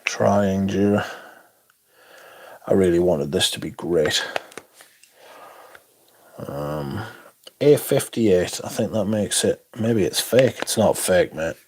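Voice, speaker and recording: A man's voice: low voice, takes it slowly, long pauses, a little mellow, a little hiss or hum. A man hosting a livestream, casually chatting and reading out viewer comments in a rambling way at home. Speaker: livestream host reading chat. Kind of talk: casual chat. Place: home room.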